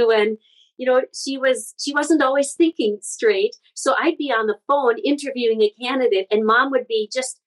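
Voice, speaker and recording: A middle-aged woman from the Midwest, a guest speaker sharing personal stories in an interview, earnest and animated. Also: mid-range voice, rough recording. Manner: earnest, animated storyteller with frequent restarts. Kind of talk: conversational interview storytelling.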